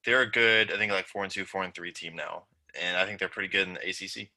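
A young man co-hosting a sports podcast, relaxed and wry as he runs through the games. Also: sits low, fast, rough recording. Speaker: podcast co-host. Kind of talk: casual sports chat.

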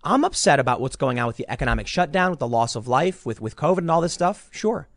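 A man's voice: fairly high pitch, very animated, quick pace, no echo, studio quality. An American man giving emphatic, indignant political commentary, often repeating his words. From United States. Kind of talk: opinion commentary.

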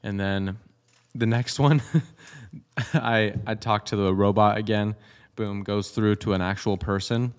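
A man's voice: fairly low pitch, unhurried, clear, resonant tone. A young man co-hosting a casual podcast, telling stories with lots of laughter and acted-out voices. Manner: animated storyteller who laughs a lot and acts out voices. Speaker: podcast co-host. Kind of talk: casual chat.

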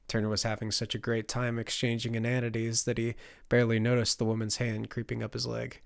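A man narrating a fantasy audiobook in a measured storytelling manner, on a close microphone. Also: mid-range voice, completely flat delivery, vocal fry, clear, resonant tone, dry recording.

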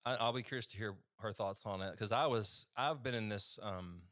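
A man's voice: on the low side, moderate pace, fairly bright tone, no room sound, clean studio sound. A man with an East Texas accent, a physician guest casually telling stories on a podcast, chatty and self-deprecating.

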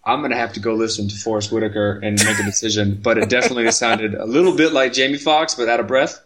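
A man's voice: medium pitch, steady tone, fast talker, fairly bright tone. A man co-hosting a podcast, teasing and wisecracking in casual banter. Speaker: podcast co-host.

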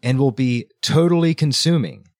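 A man's voice: mid-range voice, moderate pace, dry recording, studio quality. Chatty man retelling a story. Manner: chatty retelling, acting out characters. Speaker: podcast host. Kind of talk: casual book discussion.

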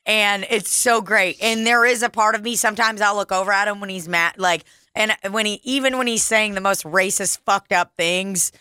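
Young woman, bright voice, casual podcast chat, laughing, swears a lot, dry close sound. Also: mid-range voice, normal speed, few pauses, clear, resonant tone, no room sound. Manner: laughing, profane, animated storyteller. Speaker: podcast co-host.

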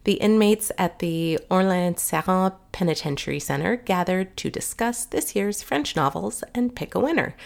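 A woman's voice: on the low side, lively intonation, normal speed, creaky, few pauses. A middle-aged woman hosting a podcast in a chatty, upbeat monologue, sounding nasal from a cold. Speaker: podcast host.

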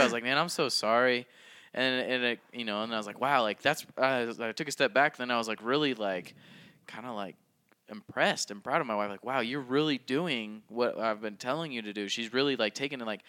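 A man's voice: medium pitch, fairly quick, bright, forceful tone, smooth. A young man co-hosting a casual podcast, telling a story in a rambling way full of likes and ums. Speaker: podcast co-host.

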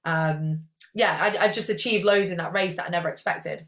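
A young Englishwoman talking casually as an interview guest, with a somewhat low voice. She rambles along freely, scattering "like" through her sentences. The tone is easygoing and conversational. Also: moderate pace, fairly bright tone. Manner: chatty, rambling, peppered with "like". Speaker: guest athlete.

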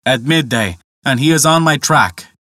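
A man's voice: mid-range voice, animated, normal speed, pushed and bright, dry recording, studio quality. A man voicing a tired male horse, resigned to hardship, in a fable. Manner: resigned, rueful.

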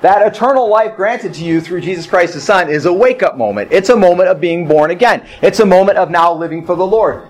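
A man's voice: high-pitched, lively intonation, a little fast, hardly any pauses, rough recording. A middle-aged male pastor preaching a sermon, repeating phrases and telling personal stories.

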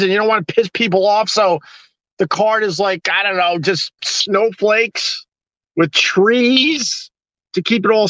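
High-voiced man ranting sarcastically. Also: sharp tone, no room sound, highs cut off. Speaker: live-streaming host. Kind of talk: ranting live-stream chat.

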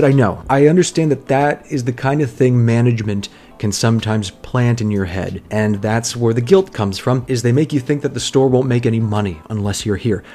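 A man's voice: medium pitch, a little mellow. Earnest man reading a personal essay. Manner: reflective, earnest, with small restarts. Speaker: essayist reading his own piece.

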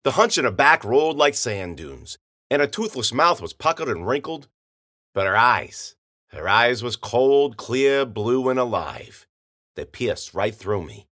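A man narrates a gritty first-person tale in slangy, rough-grammared speech. His voice is bright and forward. He rides wide, animated pitch swings through the telling. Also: measured pace. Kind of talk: hard-boiled first-person story narration.

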